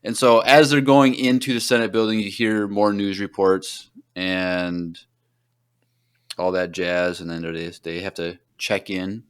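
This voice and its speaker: A man's voice: low voice, steady tone, measured pace, clean tone. A man hosting a podcast, chatting casually through an episode recap and filling his speech with "like" and "um.". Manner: rambling, heavy on fillers like "like". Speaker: podcast host.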